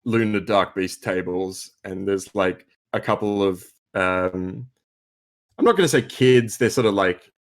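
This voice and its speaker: A man's voice: low voice, a little slow. A man running a tabletop game as game master, describing scenes in a casual, rambling way.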